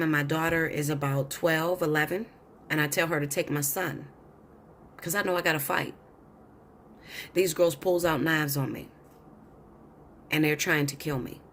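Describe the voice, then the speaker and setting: A woman's voice: low-pitched, a little hiss or hum. A woman tarot reader telling a long story in a blunt, profane, insistent way. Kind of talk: storytelling monologue.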